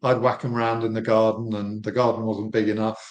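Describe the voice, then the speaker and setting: A man's voice: lowish voice, little pitch movement, fairly quick. English man, 50s, easygoing founder guest, roomy echoey sound. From England. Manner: easygoing, friendly, laughs lightly. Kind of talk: casual interview chat. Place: home room in Florida.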